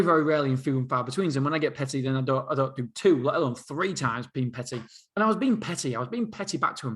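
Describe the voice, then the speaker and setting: A man's voice: on the high side, a bit bright. A middle-aged man hosting a solo podcast, telling a story in a rambling, self-interrupting way and laughing at himself. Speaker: podcast host.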